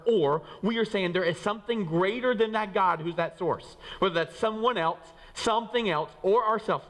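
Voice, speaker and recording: A man preaching a sermon as a pastor to his church, animated, acting out quoted voices and swinging between raised and lowered pitch. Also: brisk. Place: church sanctuary. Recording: reverberant hall.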